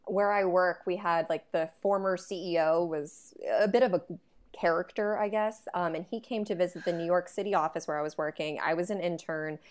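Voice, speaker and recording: Animated young woman telling a story. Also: on the low side, brisk. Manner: animated storyteller, acts out quotes. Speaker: podcast guest. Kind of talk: casual chat.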